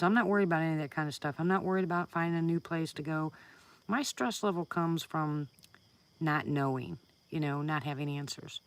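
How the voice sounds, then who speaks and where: Chatty woman hosting a live chat. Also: low voice. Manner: chatty, laughs often, greets viewers by name. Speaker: live stream host. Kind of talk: casual live chat with viewers.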